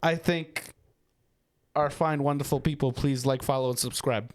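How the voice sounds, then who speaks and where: A man's voice: mid-range voice, fairly even intonation, moderate pace. A man co-hosting a sports podcast, ranting heatedly and swearing freely in casual talk.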